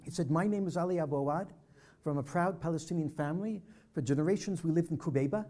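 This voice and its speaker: Older male storyteller, mellow tone, brings the quoted dialogue to life for a church audience. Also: a little high, fast talker. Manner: vivid storyteller acting out dialogue. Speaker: speaker at a peace dialogue presentation. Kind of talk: personal storytelling talk. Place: church hall presentation.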